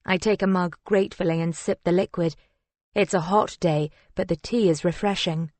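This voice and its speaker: A woman narrating a first-person thriller audiobook in a measured, reflective storytelling manner. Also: fairly low pitch, fairly even intonation, darkish tone, dry recording.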